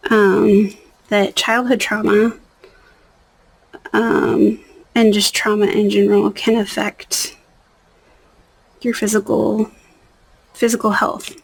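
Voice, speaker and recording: A woman's voice: mid-range voice, gravelly, husky, rough recording. A young woman chatting casually as she does her nails, rambling and trailing off into near-whispers. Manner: rambling, soft-spoken, drifting into near-whispers. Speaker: nail art vlogger. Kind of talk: casual chat.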